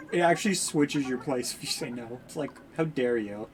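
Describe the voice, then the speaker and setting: A woman's voice: very deep voice, moderate pace, few pauses, a little hiss or hum. A young woman streamer giving playful, laughing commentary while playing a game. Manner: playful, laughing, lively asides.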